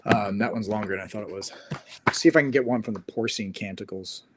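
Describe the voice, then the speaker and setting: A man's voice: lowish voice, fast, noisy background. A male host in casual chat, telling a rambling story with plenty of fillers.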